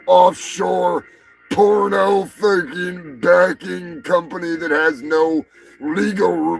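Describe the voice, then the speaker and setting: A man hosting a live show, ranting crudely and swearing constantly, with bursts of shouting. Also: sits high, gravelly. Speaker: show host. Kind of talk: profane live-stream rant.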